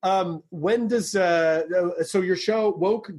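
A man from Tennessee hosting a podcast, excitable and swearing freely in casual chat. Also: high voice, slow pace, slightly rough. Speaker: podcast host.

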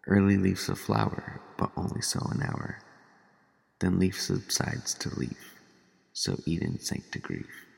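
Man, slow solemn poem reading, deep voice, gravelly, long reverb. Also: very animated, darkish tone.

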